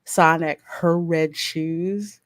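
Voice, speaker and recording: A woman with a low voice hosts a pop culture chat at an unhurried pace. She is blunt with her opinions and breaks into laughter often. The sound is dry and close. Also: steady tone, no echo. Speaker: podcast host.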